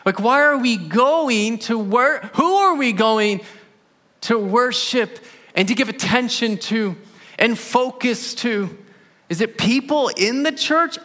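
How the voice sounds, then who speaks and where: A man's voice: high-pitched, pushed and bright, in a large hall. A man preaching a sermon as pastor, telling stories in a conversational way and rising in emphasis on key points.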